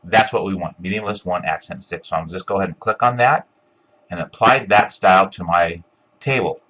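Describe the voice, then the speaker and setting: A man giving a step-by-step screencast software tutorial, talking casually with lots of ums and uhs. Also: deep voice, moderate pace, highs cut off. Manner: step-by-step, filler-heavy with frequent ums and uhs. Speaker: instructor.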